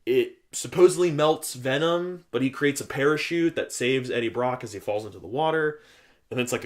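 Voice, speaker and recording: A young man talking through a film review on his own, in a loose, rambling way full of fillers and acted-out quotes. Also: medium pitch. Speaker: movie reviewer. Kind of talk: casual spoiler review monologue.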